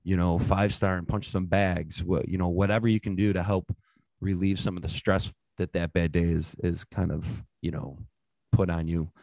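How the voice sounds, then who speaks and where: A low-voiced man co-hosting a podcast, easygoing and quick to joke. His voice sits deep, and the recording is close and dry. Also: steady tone, vocal fry, darkish tone, dry recording. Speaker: podcast co-host. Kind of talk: casual chat.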